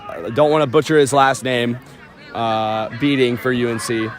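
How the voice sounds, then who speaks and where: A man with a sick voice calling live play-by-play outdoors, shouting out players' names. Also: medium pitch, soft background music. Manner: excited, quick calls of players' names. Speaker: sports commentator. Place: outdoors at a sports field. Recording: crowd noise outdoors.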